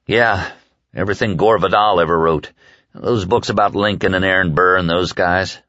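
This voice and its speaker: A man voicing an injured man from East Texas, calm and firm in a plain-spoken drawl. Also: deep voice, moderate pace, no echo. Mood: gentle. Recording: dull lo-fi dry recording.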